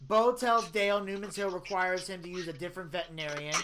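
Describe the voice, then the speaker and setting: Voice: medium pitch, fairly even intonation, fast, noisy background. A podcast host giving a casual, rambling plot recap of a TV show, with personal asides.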